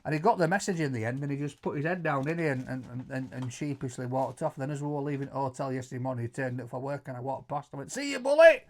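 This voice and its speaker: A middle-aged man with a Yorkshire accent telling stories in casual chat, animated, stumbling over repeated words and loudly acting out quotes. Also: mid-range voice, fast, few pauses. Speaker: co-host answering viewer questions.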